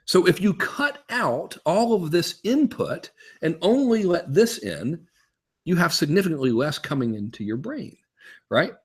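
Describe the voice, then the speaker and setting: Animated husky man coaching a webinar. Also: a little high, unhurried. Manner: animated, frequent rhetorical "right?" and "okay?", swings up to emphatic peaks. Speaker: business coach. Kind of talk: casual webinar teaching.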